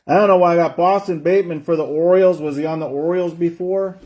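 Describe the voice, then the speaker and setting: A man's voice: on the high side, fairly even intonation, quick pace, darkish tone. A man hosting a live card break stream, chatting casually and drawing out player names as he opens packs. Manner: chatty, rambling, drawls out player names while opening packs.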